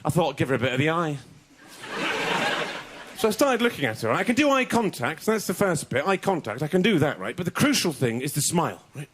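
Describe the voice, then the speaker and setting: A man doing a stand-up comedy set on a TV show, telling observational jokes in an animated way. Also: on the high side, fast, hardly any pauses, slight background noise. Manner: animated, mock French and mock-suave voices. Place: TV comedy studio stage. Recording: TV studio with loud audience laughter.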